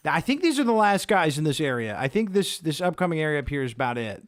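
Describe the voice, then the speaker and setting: A man's voice: fairly high pitch, sing-song, fast, hardly any pauses. A man giving let's-play commentary as he plays, chatty and self-mocking, reacting aloud to the game. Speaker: gaming video creator.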